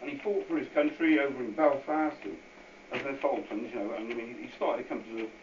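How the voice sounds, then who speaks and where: A fast-talking man with a mid-range voice is the guest speaker at a public meeting, speaking informally without notes. He rambles, says things more than once and throws in plenty of asides. The hall sound is distant, dull and echoey, with faint hiss, and an audience is present.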